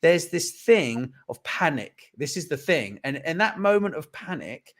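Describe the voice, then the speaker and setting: A man's voice: fairly high pitch, big pitch swings, a little slow, fairly bright tone. A man in casual conversation, talking earnestly with many restarts and a habit of asking "right?". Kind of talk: casual chat.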